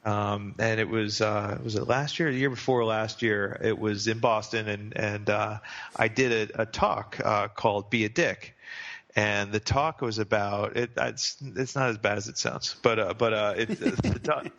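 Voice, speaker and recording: A man from New Jersey telling a long, self-deprecating story as a podcast guest, rambling and restarting often. His voice is lowish and gravelly. The audio sounds slightly dull and lo-fi. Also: unhurried, fairly bright tone. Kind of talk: casual storytelling interview.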